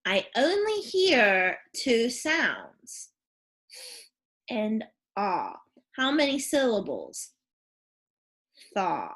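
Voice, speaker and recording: A woman's voice: fairly high pitch, wildly swooping pitch, fairly bright tone. A woman teaching a phonics and spelling lesson to young children, sounding out letters and asking questions. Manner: slow, clear, sounding out letters and prompting questions.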